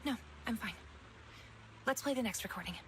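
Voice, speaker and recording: Brief: female actor as a soft, resolute young woman, high voice, faint noisy game audio. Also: lively intonation, normal speed, lightly acted. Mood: determined. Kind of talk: game dialogue voice acting.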